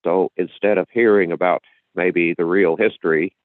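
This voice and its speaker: A man's voice: sits low, fairly even intonation, moderate pace, no echo. A man hosting a podcast and explaining at length in a casual, lecturing way, often restarting his sentences. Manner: lecturing, with frequent restarts and repetitions. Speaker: podcast host. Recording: tinny phone-like line, dry.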